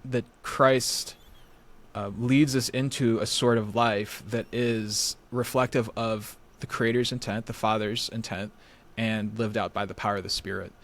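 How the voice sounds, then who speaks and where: A man's voice: fairly low pitch, fairly even intonation, measured pace, fairly bright tone. A man as a podcast guest, explaining ideas in careful conversational talk with frequent fillers. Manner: explains carefully with many "you know" fillers. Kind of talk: conversational theological discussion.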